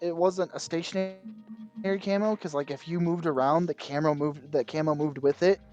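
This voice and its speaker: A man with a somewhat high voice co-hosts a gaming podcast, rambling through his point and cursing lightly when he loses it. He talks in relaxed casual chat. Faint music sits in the background. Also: moderate pace, highs cut off. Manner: rambling, loses his train of thought, mild swearing. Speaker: podcast co-host.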